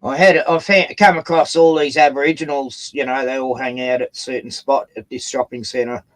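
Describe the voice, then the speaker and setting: A man's voice: mid-range voice, steady tone, a little fast, rough recording. A man in casual chat, laid-back and offhand, swearing casually as he tells a story.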